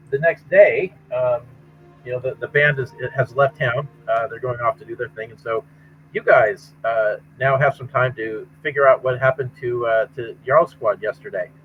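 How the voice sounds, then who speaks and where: A man narrating as game master in a casual, halting way, full of fillers and restarts. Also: mid-range voice, soft background music. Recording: tinny phone-like call audio.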